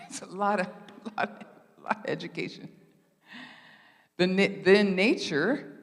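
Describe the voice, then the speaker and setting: Woman in her 60s, preacher, storytelling sermon, lively and laughing, church sanctuary, long reverb. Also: rumbling low. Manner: lively, laughing, acts out dialogue. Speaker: guest preacher.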